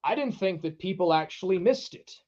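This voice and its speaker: High-voiced man reading chat, lo-fi. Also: normal speed. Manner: reads viewer chat aloud; loose, relaxed, with many fillers. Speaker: streamer. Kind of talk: casual livestream chat. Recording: dull lo-fi stream audio.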